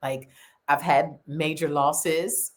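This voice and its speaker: A woman author and podcaster, a guest on an interview show, telling her story in a casual, animated way and laughing often. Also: sits low, takes it slowly.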